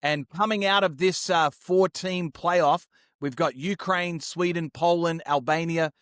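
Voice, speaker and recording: A man's voice: fairly high pitch, fairly even intonation, a little slow, fairly bright tone, dry recording, clean studio sound. A man co-hosting a sports podcast, chatting upbeat and slangy about the week's games. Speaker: podcast co-host. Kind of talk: casual sports chat.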